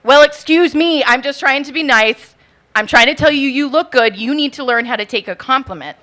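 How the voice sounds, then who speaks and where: A woman voicing an irritated young male politician in a live spoken story, loud and indignant. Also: fairly high pitch, lively intonation, fast talker, a little hiss or hum. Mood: aggravated.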